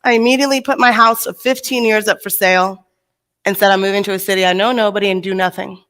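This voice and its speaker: On a conference stage, a motivational speaker from Texas, a middle-aged woman, tells her stories at a fast clip and with a medium-pitched voice. She brings each anecdote to life by performing the voices of the people she quotes.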